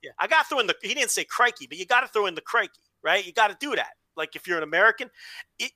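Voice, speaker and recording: A man co-hosting a podcast in rambling, animated casual chat, with frequent restarts and swearing. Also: sits high, racing, no echo. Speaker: podcast co-host.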